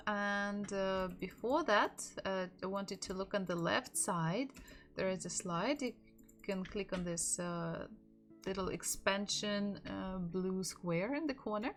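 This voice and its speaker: A woman with a Russian accent teaching a live-streamed language lesson, repeating each word slowly so learners can follow. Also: mid-range voice, expressive, fairly bright tone, soft background music. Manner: slow, drilling words by repetition.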